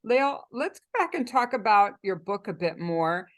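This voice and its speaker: A woman's voice: mid-range voice, very animated, a little slow. A woman moderating a webinar panel, summarizing points and handing over questions.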